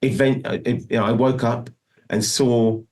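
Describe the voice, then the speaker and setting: Speaking at normal speed with a medium-pitched, level, darkish voice, a middle-aged guest musician rambles through a long story in a casual interview. He restarts often and keeps saying "do you know what I mean."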